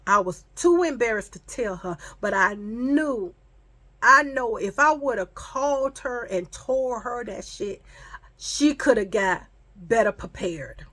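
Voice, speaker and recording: A woman's voice: fairly high pitch, slow. A pregnant woman telling a storytime vlog in a casual, profane way, acting out the people she quotes, and she says she feels sick and foggy. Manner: animated, profane, acts out the people in her story.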